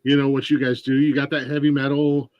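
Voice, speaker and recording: A man's voice: mid-range voice, level tone, a little fast, no echo, muffled recording. A man from Ohio hosting a casual podcast interview, rambling with many restarts and fillers. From Ohio, USA. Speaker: podcast host.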